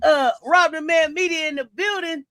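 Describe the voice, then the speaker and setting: A woman hosting a sports talk show in a high, sharp voice. She argues emphatically, stacking repeated phrases into a rhetorical buildup. The recording is dry and close. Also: moderate pace, no echo. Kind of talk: sports commentary podcast.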